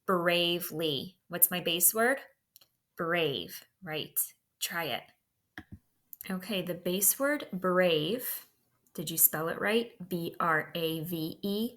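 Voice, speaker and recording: A woman teacher leads a spelling lesson with slow, deliberate dictation. Her voice sits fairly low but has a bright edge, and she takes her time over each word.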